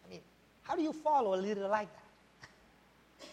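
A man's voice: high-pitched, expressive, unhurried, vocal fry, darkish tone. A male pastor preaching a sermon, emphatic, often checking in with "right?" and rhetorical questions. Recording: long hall reverb.

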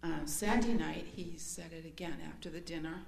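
A woman's voice: deep voice, brisk, creaky. Earnest woman telling her testimony, echoey room. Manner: earnest, hesitant, emotional recounting. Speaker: speaker sharing a testimony. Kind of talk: personal testimony storytelling. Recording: echoey room with faint hum.

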